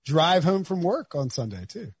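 A man's voice: a little high, very animated, moderate pace, slightly rough, no room sound. A man hosting a sports podcast, talking casually and rambling a little, with jokey asides and frequent restarts. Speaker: podcast host.

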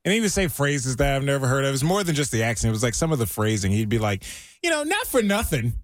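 A man's voice: mid-range voice, rapid-fire, no echo, studio quality. A man from Maryland co-hosting a radio chat show, telling stories and laughing often. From Maryland, USA. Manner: animated storyteller, laughs often. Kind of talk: casual chat.

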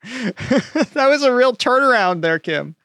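A man's voice: very high-pitched, lively intonation, takes it slowly, fairly bright tone, no room sound, clean studio sound. A man co-hosting a casual chat, easygoing and hesitant, with many fillers. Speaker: co-host.

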